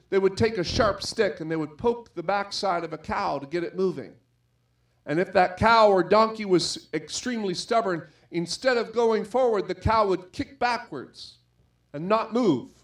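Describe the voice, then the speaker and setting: High-voiced earnest male preacher. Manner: earnest, conversational preaching with personal stories. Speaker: pastor. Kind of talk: sermon.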